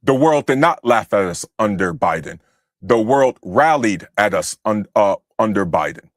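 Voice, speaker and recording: A man's voice: lowish voice, lively intonation, moderate pace, no room sound, clean studio sound. A man from the United States hosting a livestream, ranting angrily and profanely at his chat and berating commenters. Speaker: livestream host. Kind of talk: angry livestream rant at chat.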